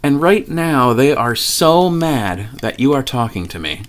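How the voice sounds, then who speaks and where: A man's voice: mid-range voice, very animated, measured pace, background noise, voice pushed up. A man voicing a young woman he met online, earnest and spooked, quoted in a raised voice.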